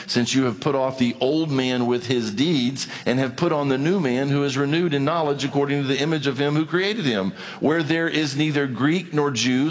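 A man preaching a sermon as pastor, animated, acting out little conversations with rises and drops in his voice. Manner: animated preaching, acts out dialogue, pitch swings widely. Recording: long reverb of a large hall.

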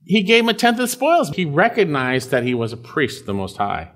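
A man's voice: fairly high pitch, wildly swooping pitch, brisk, a bit bright. A man preaching a verse-by-verse Bible sermon in a conversational way, repeating phrases and checking in with his listeners.

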